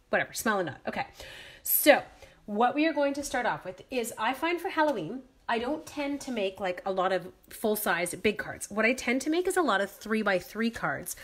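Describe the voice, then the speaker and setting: A chatty, upbeat woman hosts a casual live craft demo from her home, her voice sitting a bit high. She jokes at her own expense as she talks viewers through each supply. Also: fairly bright tone. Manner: chatty, upbeat and self-mocking. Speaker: craft demonstrator selling stamping supplies. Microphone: computer or phone live-stream mic.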